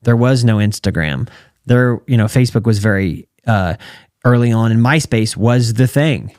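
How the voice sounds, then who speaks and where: An American man in his thirties tells stories in a relaxed interview. His voice sits in an ordinary middle register and sounds dry and close. He acts out the people he quotes as he goes. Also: medium pitch, normal speed, clear, resonant tone, no echo. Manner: animated storyteller who acts out quoted dialogue. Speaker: guest, retired champion calf roper and entrepreneur. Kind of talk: casual storytelling interview.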